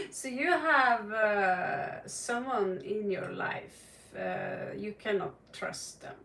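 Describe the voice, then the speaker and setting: A woman's voice: mid-range voice, very slow, vocal fry, fairly bright tone, slight background noise. A woman from Norway giving a live tarot reading, chatty and laughing often, calling viewers by name. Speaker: tarot reader. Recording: roomy echo, distant mic.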